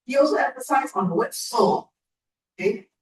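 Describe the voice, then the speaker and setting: A woman delivers measured, encouraging feedback on a speech, pausing between points. Her voice sits a little high and sounds far from the mic, bouncing around an echoey meeting room. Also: lively intonation, a little hiss or hum. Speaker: speech evaluator. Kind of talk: speech evaluation at a club meeting.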